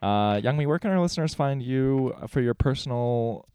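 A young man co-hosting a podcast in casual chat, with an expressive delivery. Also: medium pitch, moderate pace, smooth. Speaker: podcast co-host.

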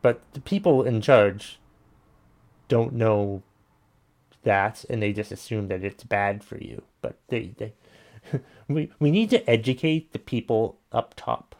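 Gravelly-voiced man ranting. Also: on the low side, slow, a little mellow. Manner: blunt, swearing, frustrated ranting. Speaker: podcast host reading listener messages. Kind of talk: casual ranting commentary.

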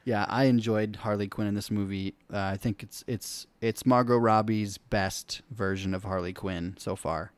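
A man in casual movie talk as co-host, excitable and quick to laugh. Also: lowish voice, no echo.

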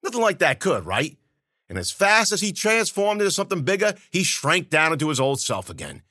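A man spinning a gritty first-person tale in street slang, turning to the listener with wry asides. His pitch moves a lot and his tone is bright and forward. The mic is close and dry. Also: huge pitch swings, fairly quick, no room sound. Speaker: storyteller and podcast host. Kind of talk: first-person hardboiled storytelling.

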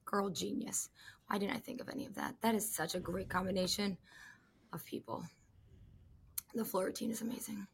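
A woman co-hosting a podcast, chatting casually in an animated, gushing, jokey way. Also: medium pitch, normal speed, vocal fry, long pauses, slight background noise. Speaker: podcast co-host. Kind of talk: casual chat about gymnastics.

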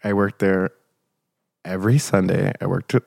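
A young man co-hosting a casual podcast, his low voice gravelly with fry and recorded close with no room sound. He tells work stories in an animated, rambling way, peppered with "like" and the odd curse. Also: normal speed, no echo. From Midwest of the United States. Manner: animated storyteller, lots of "like", swearing, laughing. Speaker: podcast co-host. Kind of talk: casual storytelling chat.

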